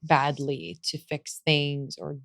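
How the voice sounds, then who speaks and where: A young adult woman hosting a podcast interview, answering her guest with soft, affirming, reflective responses. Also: low voice, flat delivery, takes it slowly, gravelly. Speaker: podcast host.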